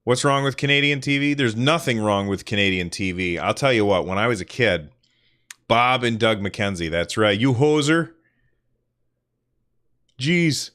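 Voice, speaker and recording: A man's voice: lowish voice, expressive, moderate pace, sharp tone. A man from the northern United States hosting a casual solo podcast livestream, telling rambling, self-deprecating stories. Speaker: podcast host.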